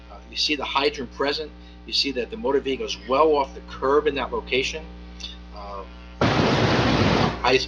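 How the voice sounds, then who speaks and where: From the bench of a courtroom, a male municipal judge delivers a measured ruling full of pauses, fillers and restarts. His voice is mid-range, and the highs are cut off.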